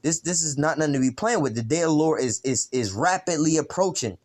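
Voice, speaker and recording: Male street preacher, informal bible lesson, rambling and profane, heavy on fillers, voice a bit high. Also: expressive, fast talker, a little mellow.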